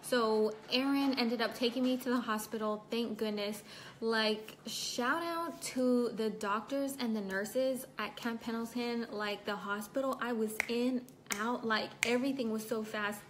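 A woman's voice: a little high, a little slow, slight background noise. A young woman chatting casually on a home livestream, telling a personal story and stopping to greet and thank viewers. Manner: chatty, reads viewer comments aloud. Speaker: livestream host. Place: at home indoors.

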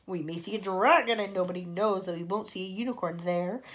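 A woman voicing an excitable, grinning male centipede, reciting in a boisterous sing-song way. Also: medium pitch, brisk, natural voice. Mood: gleeful.

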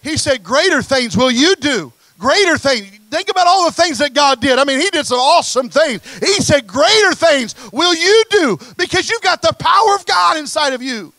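A man's voice: extremely high pitch, animated, moderate pace, hardly any pauses, pushed and bright, no room sound, poor audio. A male pastor preaching a Pentecostal sermon, impassioned, hammering his questions again and again. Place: church service.

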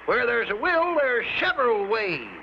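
High creaky backwoods swamp codger, old lo-fi cartoon sound. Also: male voice, sing-song, normal speed, slight background noise. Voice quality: gravelly, drawling country talk. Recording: dull lo-fi 1950s TV soundtrack with music.

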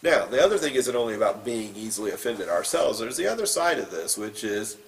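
A man's voice: lowish voice, big pitch swings, fairly quick, far from the mic, low-quality recording. A man preaching as a pastor, reading scripture and then giving an informal, plain-spoken sermon with some fillers.

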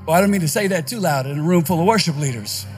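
High-voiced preacher, fast and fiery. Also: male voice, faint music behind. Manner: energetic preaching, rising to shouts. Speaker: pastor. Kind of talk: conference sermon. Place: conference stage.

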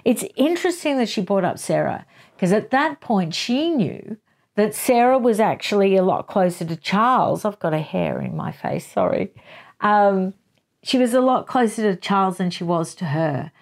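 A woman's voice: medium pitch, expressive, normal speed, gravelly, a little mellow. A woman hosting a casual book chat, retelling chapters in a chatty way with asides and little laughs. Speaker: book channel host.

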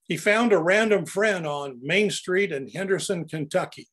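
A man's voice: high voice, normal speed, fairly bright tone, slightly rough. An older man narrating his own photographs in an anecdotal, storytelling way as he presents them.

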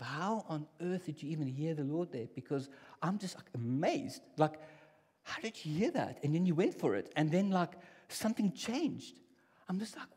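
Conversational preacher man in a reverberant hall. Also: a little high. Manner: conversational, swings from hushed to loud. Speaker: pastor. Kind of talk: sermon. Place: church hall.

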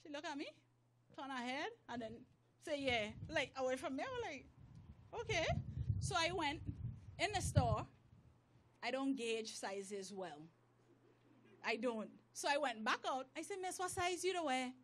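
A woman giving a motivational church talk, telling a personal story with animated delivery, acting out her prayers as dialogue and speaking in informal, loose grammar. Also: high-pitched, a little slow, long pauses. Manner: informal grammar, drops verb endings.

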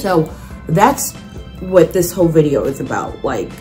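A young woman vlogging in a casual, animated way, sarcastic and full of restarts. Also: low-pitched, measured pace, soft background music. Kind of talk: casual chat.

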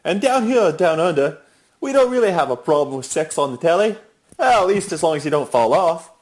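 A man's voice: fairly high pitch, lively intonation, fairly quick. Man on voicemail with a jokey fake Aussie accent. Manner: put-on Australian accent, jokey. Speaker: caller. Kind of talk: voicemail message. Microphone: phone voicemail.

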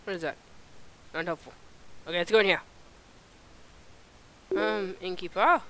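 Woman gamer, let's-play commentary, slow-spoken and exasperated, clear bright tone. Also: on the low side. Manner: animated, exasperated, thinking aloud. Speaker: gameplay video host.

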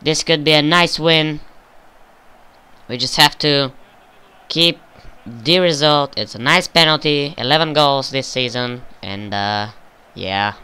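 A young man giving casual, profane commentary over a football video game he is playing, flaring up in frustration and excitement. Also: on the high side, slow pace, pauses often, smooth. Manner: swears often, flares up with frustration and excitement. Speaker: gaming video creator.

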